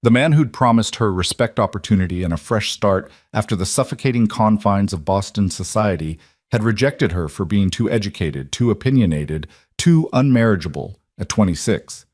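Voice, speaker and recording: A man narrating a scripted frontier romance story in a steady, measured way. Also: fairly low pitch, no room sound, clean studio sound.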